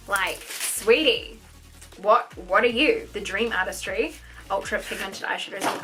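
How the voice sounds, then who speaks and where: A young woman vlogging a makeup unboxing, gushing and gasping with endless excitement. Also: medium pitch, measured pace, noisy background. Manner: gushing, gasping, lots of "oh my god" and "honey". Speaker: beauty vlogger.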